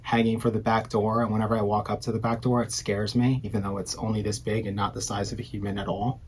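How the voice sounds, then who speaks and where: A man's voice: lowish voice, level tone, fast, slight background noise. A man in his thirties co-hosting a casual podcast, rambling and self-deprecating, often trailing off mid-sentence. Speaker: podcast co-host. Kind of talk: casual chat.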